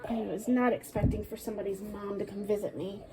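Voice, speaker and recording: A woman doing a casual tarot reading, talking aloud to a spirit, with sighs, pauses and soft asides. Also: mid-range voice, level tone, heavy background noise. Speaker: tarot card reader.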